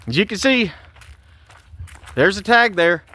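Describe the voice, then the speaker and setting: A man's voice: high voice, animated, measured pace, pushed and bright. A man, recounting a police stop in an agitated, indignant way and repeating himself. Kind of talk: angry personal vlog.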